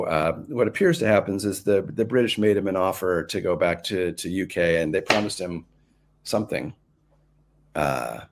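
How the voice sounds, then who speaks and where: A man's voice: deep voice, creaky. A man answering interview questions in a casual, rambling way, full of fillers and restarts. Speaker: guest author.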